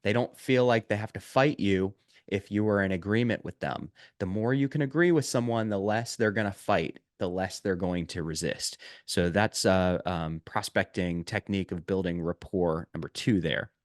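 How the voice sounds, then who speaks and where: A man teaching a video lesson on sales prospecting, talking emphatically, repeating his key points and pausing on "uh" and "um". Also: deep voice, dry recording, clean studio sound.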